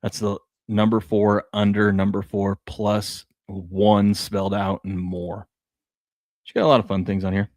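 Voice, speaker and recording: A man's voice: lowish voice, completely flat delivery, a little slow, a little mellow, no echo, studio quality. A man in his thirties, a co-host, casually chatting and telling family stories with plenty of laughs. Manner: laid-back storyteller, laughs a lot. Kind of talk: casual sports show chat.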